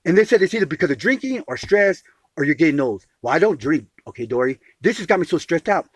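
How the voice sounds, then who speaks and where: A man's voice: on the high side, very animated, fast talker, dry recording. A man telling a long grievance in an agitated phone conversation, emphatic, restarting phrases and calling the listener sweetie. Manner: emphatic, repeats words and calls the listener sweetie. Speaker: caller telling his grievance.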